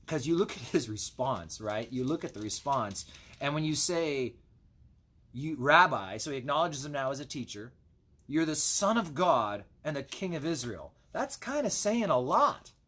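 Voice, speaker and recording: A man's voice: mid-range voice, sing-song, normal speed, fairly bright tone. A man as a pastor, giving a casual Bible devotional with chatty asides while he reads scripture.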